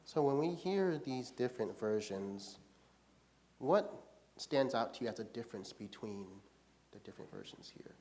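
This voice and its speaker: Man as a Bible study leader, relaxed teaching tone, keeps asking the group "right?". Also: mid-range voice, normal speed. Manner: casual, often checks in with "right?".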